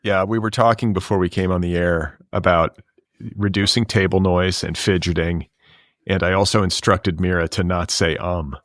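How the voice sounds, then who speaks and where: Deep-voiced man hosting a podcast. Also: steady tone, normal speed, a bit bright, no echo, studio quality. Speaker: podcast host. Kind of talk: casual pop culture chat and read ads.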